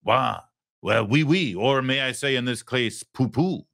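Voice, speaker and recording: Man doing a sneering French leader with an overplayed accent, voiced low and gloating. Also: measured pace, creaky, fairly bright tone, no room sound, studio quality. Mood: mocking. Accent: put-on French. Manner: exaggerated, clumsy comic accent. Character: mocking French-accented male president, snooty.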